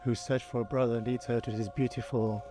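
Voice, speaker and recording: A man, a game studio co-founder, presenting in a measured, scripted way. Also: medium pitch, level tone, music in the background. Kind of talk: pre-recorded developer presentation.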